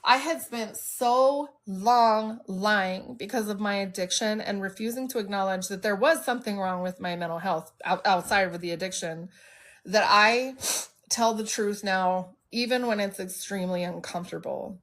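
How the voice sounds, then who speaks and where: A woman's voice: medium pitch, unhurried, fairly bright tone. Blunt, emotional woman streamer. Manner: open and emotional, speaks bluntly. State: congested from allergies. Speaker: livestream host. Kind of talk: candid personal storytelling.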